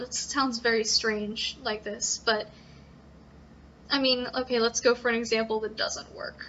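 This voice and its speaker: A young woman talks through poetry basics in a high, bright voice, often pausing with ums and correcting herself. The recording is dull and lo-fi. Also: little pitch movement. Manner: hesitant, many ums and self-corrections. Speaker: student presenter. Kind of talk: informal tutorial.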